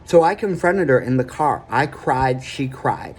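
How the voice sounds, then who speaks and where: A man's voice: mid-range voice, animated, measured pace, a little hiss or hum. A man telling a personal story straight to camera in an earnest, emphatic way, often stopping to ask "okay?". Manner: keeps checking in with "okay?" between points; earnest, emphatic, plain-spoken. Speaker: vlogger.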